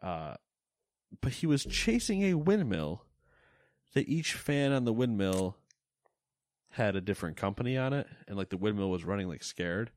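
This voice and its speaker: Male podcast host, low voice, dry close mic, wry offhand delivery. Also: very animated, moderate pace, darkish tone, no echo. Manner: wry, joking asides. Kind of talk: casual podcast news chat.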